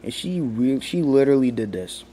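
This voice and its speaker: Rambling young man with a dark voice. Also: medium pitch, lively intonation, moderate pace, a little hiss or hum. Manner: rambling, heavy use of "like", many restarts. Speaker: vlogger. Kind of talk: casual rant commentary.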